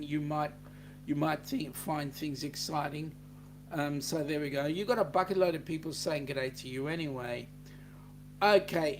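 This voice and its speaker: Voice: medium pitch, slight background noise. A host with an Australian accent, chatting on a live stream, reading out and greeting viewer comments in a laid-back way with lots of "um"s.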